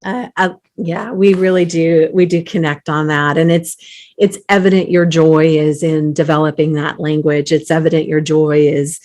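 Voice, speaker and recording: Enthusiastic woman host, lower voice. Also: normal speed. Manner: enthusiastic, animated emphasis; repeats words when starting phrases. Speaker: host, company CEO. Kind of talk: conversational interview.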